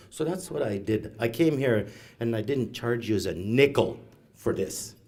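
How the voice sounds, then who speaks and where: A man, a stand-up comedian telling stories on stage with deadpan asides. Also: medium pitch, moderate pace. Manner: storytelling, deadpan asides, laughs at own jokes. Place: live event hall, audience.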